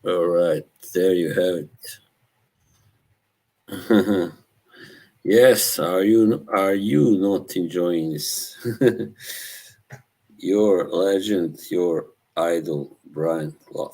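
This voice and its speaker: A man's voice: low-pitched, very slow, pauses often, a little mellow. A man hosting a live stream, chatting casually with viewers, laughing often and teasing. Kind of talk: casual chat reacting to live chat.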